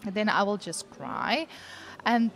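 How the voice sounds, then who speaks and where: A woman's voice: mid-range voice, animated, measured pace, creaky. A woman co-hosting a casual faith chat, earnest and heartfelt, recorded in a coffee shop. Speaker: co-host.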